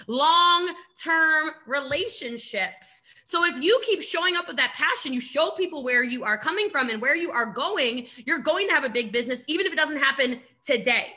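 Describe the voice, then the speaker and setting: A high-pitched woman with a bright, ringing voice gives a motivational talk over a video call. She speaks with punchy emphasis, laughs often and slips into mock voices. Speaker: network marketing coach.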